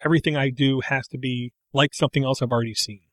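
A man's voice: medium pitch, steady tone, fast, a bit bright, no room sound. Chatty man who rambles off on tangents. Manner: rambling, self-interrupting, tangents. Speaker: podcast co-host. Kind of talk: casual chat.

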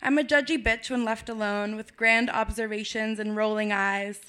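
A woman's voice: fairly high pitch, fairly even intonation, normal speed, fairly bright tone, clear, resonant tone. A woman performing her own spoken-word poem at an open mic, frank and wry. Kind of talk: spoken-word poetry reading.

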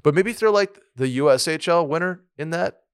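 A man's voice: a little high, moderate pace, clear, resonant tone, dry recording, studio quality. A man co-hosting a casual sports podcast, rambling with lots of restarts and fillers. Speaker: podcast co-host. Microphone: studio mic with a soundboard.

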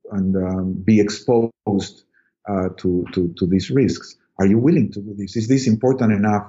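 A middle-aged man, a podcast guest, telling a personal story in casual talk, halting and repeating words with many ums. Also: on the low side, warm tone, lo-fi sound.

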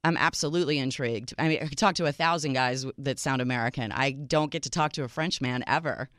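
A woman's voice: rumbling low, fast talker, fairly bright tone, no echo, studio quality. A woman co-hosting a radio talk show, upbeat and chatty, who reads listener emails aloud. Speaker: radio co-host. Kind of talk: casual chat.

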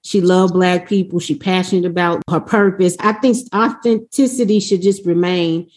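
A woman's voice: fairly low pitch, fairly even intonation, normal speed, a little mellow. Emphatic woman speaking on a panel. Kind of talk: panel discussion.

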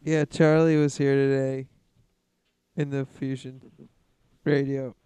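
A man's voice: mid-range voice, flat delivery, slow, mellow, clean tone, no echo. A young man co-hosting a casual podcast chat, laid-back and a little hesitant. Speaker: podcast co-host.

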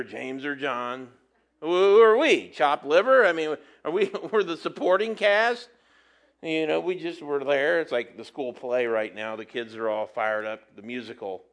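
A man's voice: fairly high pitch, fairly bright tone. A man preaching a casual sermon, folksy and conversational, with playful asides. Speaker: preacher teaching from the Bible.

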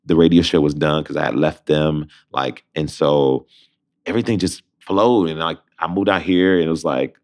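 A man in his thirties with a very deep voice, telling stories as an interview guest. He talks casually and acts out each person in his anecdotes. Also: moderate pace, a little mellow. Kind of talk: casual storytelling.

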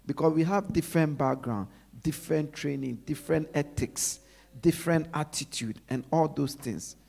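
A man's voice: on the high side, normal speed, vocal fry, a little mellow. A male preacher giving a sermon, repeating his points with emphasis and asking the congregation to finish his sentences.

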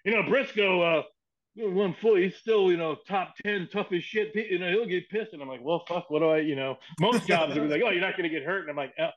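A man with a voice pitched a bit high spins a rowdy backstage yarn as a podcast guest, swearing casually and acting out each quoted line. The recording is dull and slightly muffled. He keeps a chatty, animated storyteller's rhythm throughout. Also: fairly quick, a crowd in the background. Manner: animated, profane, acts out quoted dialogue. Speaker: podcast guest, former wrestling writer. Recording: muffled lo-fi sound.

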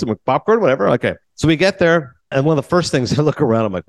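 Canadian guy in his 40s, podcast host, rattles off a story fast and acts out his own lines, dry close sound. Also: fairly high pitch, dry recording. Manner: animated storytelling, acting out his own asides. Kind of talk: casual chat.

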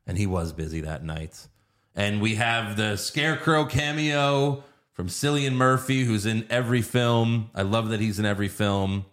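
A low-pitched man in casual podcast chat, walking through a film scene by scene. He swears freely and slips into playful voices when he quotes the characters. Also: moderate pace, a bit bright. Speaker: podcast host. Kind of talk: casual movie-recap chat.

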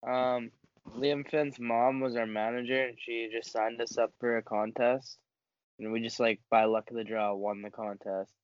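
A man's voice: medium pitch, little pitch movement, normal speed, smooth, no room sound. A young man in a casual chat with friends, laid-back and giving brief answers. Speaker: guest. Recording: dull lo-fi dry sound.

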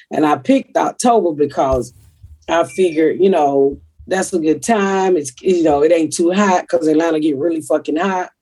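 Husky, blunt woman host. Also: on the low side, warm tone. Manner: blunt, profane, rambling. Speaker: comedian podcast host. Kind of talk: casual podcast chat.

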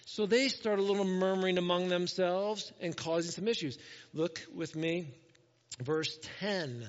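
A man's voice: high voice, unhurried, in a large hall, lo-fi sound. A male pastor preaching a conversational sermon, acting out the voices of the people he quotes.

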